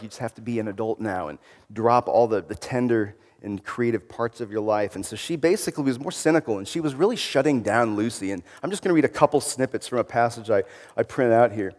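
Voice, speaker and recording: A man giving an informal, sermon-style talk in a reflective, conversational way. His voice sits at an ordinary middle pitch. A long reverb from the hall follows his words. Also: a little mellow.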